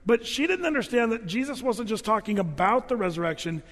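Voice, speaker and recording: A man with a high voice delivers a conversational sermon, reading verses and then commenting on them with quips. His voice rings out with a long reverb, as in a large church hall. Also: sing-song, fairly quick, fairly bright tone. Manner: conversational and jokey, drops low for read verses. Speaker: pastor. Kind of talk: sermon reading and explaining scripture.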